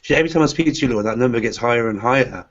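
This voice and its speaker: A man's voice: mid-range voice, rapid-fire. A man hosts a live online teacher webinar, and his introductions keep stopping on "uh" and "um". The call audio is dull and lo-fi. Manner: hesitant, many "uh" fillers. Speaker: host.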